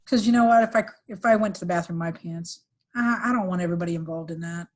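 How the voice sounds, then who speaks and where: A middle-aged woman recounting a painful family story on a podcast, with halting restarts and fillers, sometimes quoting others in livelier voices. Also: lowish voice. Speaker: podcast guest, executive recruiter. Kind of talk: emotional personal storytelling.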